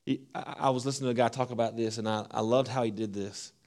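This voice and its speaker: A man preaching a sermon, swinging from hushed, low phrases to loud, emphatic ones. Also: fairly even intonation, quick pace. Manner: preaching with wide swings between hushed and loud, acting out voices. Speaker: pastor.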